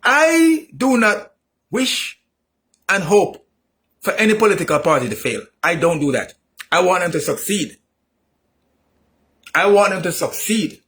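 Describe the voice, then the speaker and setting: A man delivering an opinionated political monologue, repeating himself emphatically and rising into shouts. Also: high voice, sing-song, unhurried, pauses often. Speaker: political commentator.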